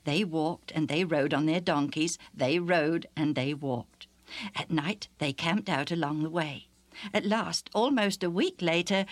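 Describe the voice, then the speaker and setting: A woman narrates a children's Bible story in a gentle, measured voice. Her pitch sits slightly low. Music plays steadily beneath her. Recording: music playing underneath.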